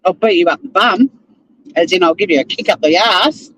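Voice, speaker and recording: An Australian man who is a lawyer and live-stream host chats casually with viewers from his car while driving to work. His high voice is brisk and a bit bright as he greets people by name and swears now and then. The audio is poor, with slight background noise.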